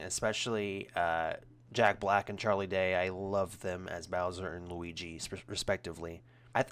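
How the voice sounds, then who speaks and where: Low-voiced young man reviewing a movie. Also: clean tone. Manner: rambling, many ums and restarts, grows animated when critical. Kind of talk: casual spoken review.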